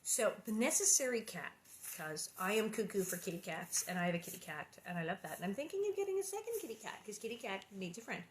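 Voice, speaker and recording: A woman's voice: medium pitch, big pitch swings, quick pace, a little hiss or hum. Bubbly woman reading a storybook aloud. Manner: gushing, giggly, enthusiastic. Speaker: actress reading a children's book. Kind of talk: storybook reading with chatty asides.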